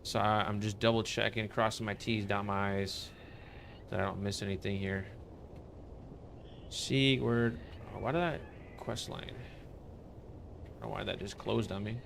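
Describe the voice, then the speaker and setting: A man's voice: on the low side, fairly even intonation, unhurried, vocal fry, pauses often, fairly bright tone, slight background noise. A man streaming a game live, chatting casually with viewers and greeting them with upbeat enthusiasm. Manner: laid-back, greets chat members with upbeat enthusiasm. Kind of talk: casual live-stream chat while playing.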